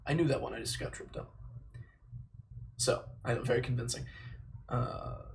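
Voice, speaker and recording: A man's voice: medium pitch, steady tone, normal speed, gravelly, noisy background. A man livestreaming in casual chat, chatty and self-deprecating with mild swearing. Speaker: livestreamer memorizing a play.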